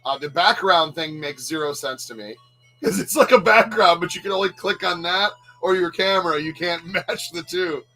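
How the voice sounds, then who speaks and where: Bright-voiced jokey male game streamer. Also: fairly high pitch, normal speed, soft background music, low-quality recording. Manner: jokey, self-mocking, laughs often. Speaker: livestream host playing retro games. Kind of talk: casual gaming chat with commentary.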